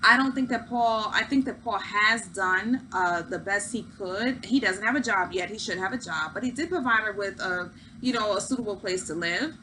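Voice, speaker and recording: A woman's voice: mid-range voice, moderate pace, hardly any pauses, pushed and bright, slight background noise, poor audio. A woman hosting a casual recap of a reality show, chatty and opinionated, with lots of fillers. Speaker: host.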